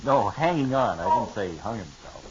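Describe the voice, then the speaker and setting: A man co-hosting a radio comedy show, deadpan and mock-grumbling, on a dull old radio recording. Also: on the low side, fairly quick, a crowd in the background. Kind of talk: bantering comedy radio chat. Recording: dull 1940s radio recording with organ music.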